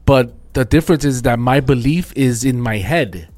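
A man's voice: mid-range voice, moderate pace, darkish tone, no room sound, soft background music. A man in casual chat, blunt and questioning, swearing freely.

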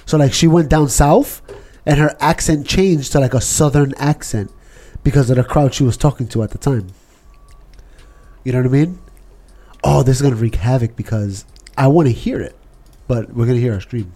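A man's voice: medium pitch, normal speed. A man co-hosting a casual stream, rambling and joking as he tells stories. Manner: joking, rambling, animated storytelling. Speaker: stream co-host.

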